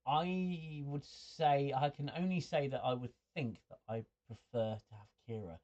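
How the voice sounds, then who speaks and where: A man's voice: medium pitch, measured pace, a little mellow. Male livestream host, mid-range voice, chatty and stumbling, muffled lo-fi sound. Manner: stammering, repeats words while thinking; chuckles often, chatty. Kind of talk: livestream chat reading viewer comments.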